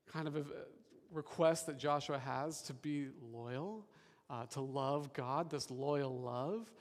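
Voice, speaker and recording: A man preaching a sermon as pastor, animated and chatty with the congregation. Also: a little high. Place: church hall. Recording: long reverb of a church hall.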